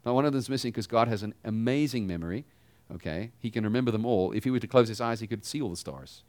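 A pastor giving a sermon in a conversational style, asking the congregation rhetorical questions. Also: male voice, fairly low pitch, quick pace, a little mellow, no room sound.

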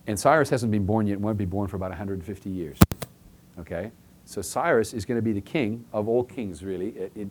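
With a fairly low, darkish voice and a bit of background noise, this man preaches in a chatty, conversational way. He frequently checks in with "okay?" and performs short everyday scenes to get his point across.

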